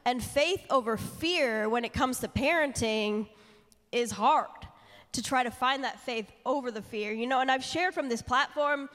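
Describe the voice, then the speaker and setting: A woman's voice: high-pitched, unhurried, fairly bright tone. A woman sharing candidly from the church platform, earnest and building in intensity as she preaches. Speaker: speaker at church. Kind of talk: sermon. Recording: long reverb of a church hall.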